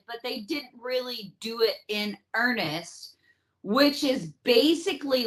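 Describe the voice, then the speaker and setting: A woman hosting a podcast, telling history in a casual, profane, joking way. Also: on the high side. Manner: profane, animated storytelling with mock voices. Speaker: podcast host. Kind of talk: casual comedic history chat.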